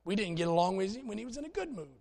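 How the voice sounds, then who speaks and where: A man's voice: high-pitched, sing-song, very fast, a little mellow. A man preaching a conversational sermon in a folksy, plainspoken way, telling stories to make his points.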